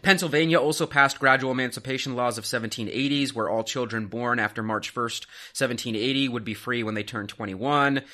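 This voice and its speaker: A man hosting a history podcast, talking casually in an animated, sarcastic way. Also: medium pitch, brisk, hardly any pauses.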